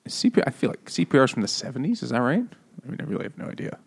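A man's voice: medium pitch, racing, vocal fry, breathy edge. A man in an average register retells a book's plot for his co-hosts. He swears freely and jokes as he talks. It is loose, boozy book-club banter. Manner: profane, joking, lively retelling of a plot. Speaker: podcast co-host. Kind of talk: casual book-club chat over beer.

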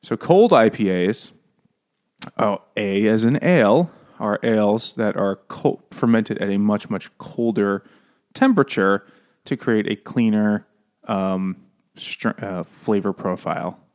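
A man's voice: fairly low pitch, unhurried, a little mellow. A man co-hosting a podcast in casual chat, jokey and laughing often, explaining things at length. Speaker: podcast co-host.

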